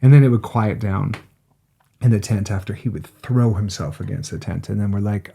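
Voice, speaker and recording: Low-voiced man telling a story. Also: normal speed, gravelly, slightly rough. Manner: animated storyteller, acts out quoted voices, frequent restarts. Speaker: podcast co-host. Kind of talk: casual conversational storytelling.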